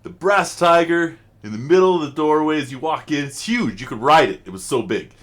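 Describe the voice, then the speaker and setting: A man's voice: fairly high pitch, expressive, fairly quick. Middle aged guy rambling on a reaction vlog, lots of like and you know, voice goes way up and down. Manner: rambling, chatty, frequent fillers. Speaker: channel host reacting to music.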